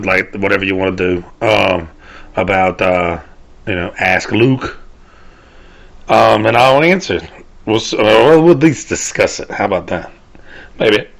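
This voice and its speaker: A man's voice: on the low side, creaky, pushed and bright. A man, ranting loosely on his own show, rambling and swearing, often trailing off and restarting. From Southern United States. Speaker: podcast host. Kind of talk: casual solo rant.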